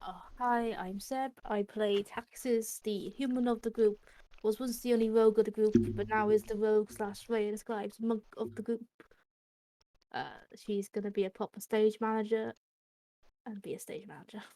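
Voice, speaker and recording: A woman's voice: medium pitch, flat delivery, moderate pace, dark tone, low-quality recording. A woman playing in a tabletop game, describing her character in a matter-of-fact way. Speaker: player. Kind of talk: casual chat at a game table.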